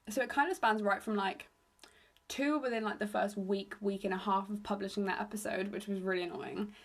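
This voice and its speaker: A young woman from England with a slightly raspy voice, hosting a solo podcast into her phone in a rambling, self-deprecating chat. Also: medium pitch. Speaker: podcast host.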